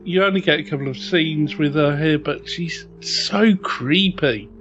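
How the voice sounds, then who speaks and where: A man co-hosting a casual podcast, speaking in a thoughtful, measured way. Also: a little high, lo-fi sound, music in the background. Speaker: podcast co-host. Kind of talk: casual chat.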